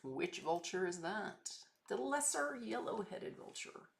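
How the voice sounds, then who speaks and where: A woman's voice: medium pitch, big pitch swings, a little slow, creaky. A woman photographer chatting casually as she edits her photos, muttering names to herself between chatty asides. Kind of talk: casual chat while working.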